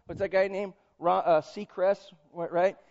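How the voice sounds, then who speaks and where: A middle-aged man preaches a sermon to his congregation, breaking off for playful asides and little acted-out voices. His voice sits fairly high for a man. The church recording sounds dull and lo-fi. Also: steady tone, a little slow, vocal fry, darkish tone. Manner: playful, joking asides, acts out quoted voices. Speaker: pastor. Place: church sanctuary.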